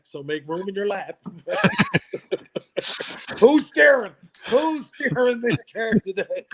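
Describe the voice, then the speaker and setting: Middle-aged man, fairly high voice, chatty, jokey, laughs a lot. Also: darkish tone. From Newfoundland, Canada. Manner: jokey storyteller, laughs often, restarts phrases. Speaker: guest. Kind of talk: casual interview chat.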